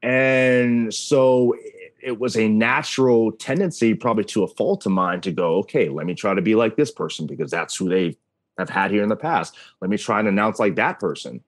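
A wrestling announcer in his thirties, appearing as a podcast guest, speaks at a normal pace in a lowish voice. In this casual interview he tells stories animatedly, acting out dialogue as he goes, with no room sound.

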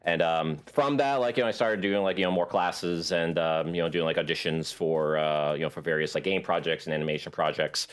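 Man, very low voice, podcast guest, rambling, lots of fillers. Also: steady tone, brisk, hardly any pauses, smooth. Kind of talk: casual chat.

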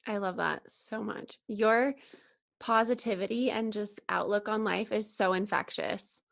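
Woman host, a bit of vocal fry, gentle questions, encouraging. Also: medium pitch, fairly even intonation, measured pace. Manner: warm and encouraging, asks gently. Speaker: podcast host. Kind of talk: casual interview chat.

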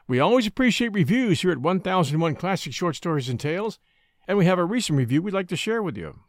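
A man's voice: high voice, sing-song, quick pace, no echo, studio quality. A man narrating a classic short story aloud and hosting a story podcast, reading dramatically. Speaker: audiobook narrator and podcast host.

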